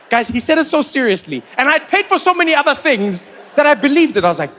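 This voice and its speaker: A man, doing an animated stand-up routine full of incredulous questions. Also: very high voice, fast, few pauses, a little hiss or hum. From South Africa. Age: 40s. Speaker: stand-up comedian.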